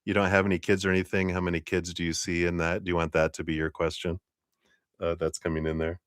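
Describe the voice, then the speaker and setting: A man's voice: low-pitched, little pitch movement, fast talker, clean tone, no echo, clean studio sound. A man hosting a live-stream tarot reading, chatty and laughing often as he talks to viewers by name. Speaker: tarot reader.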